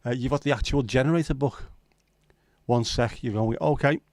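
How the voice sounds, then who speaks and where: A man hosts a casual livestream, ribbing his viewers with easygoing, teasing humor. His voice sits at an ordinary middle pitch. The sound is close and dry, with no room echo. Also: normal speed, a little mellow. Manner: joking, teasing banter with viewers. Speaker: livestream host.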